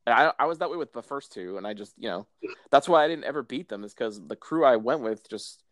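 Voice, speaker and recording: Enthusiastic man with an animated voice. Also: mid-range voice, fairly quick, no echo, studio quality. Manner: profane, enthusiastic, sighs often. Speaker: podcast co-host. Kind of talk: casual chat.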